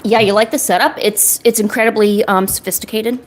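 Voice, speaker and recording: A young adult woman chats casually on a stream while she draws. She rambles and jokes at her own expense. Her voice sits at a middle pitch, with faint noise in the background. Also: steady tone, a little fast. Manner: rambling, self-deprecating, jokey. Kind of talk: casual chat while drawing.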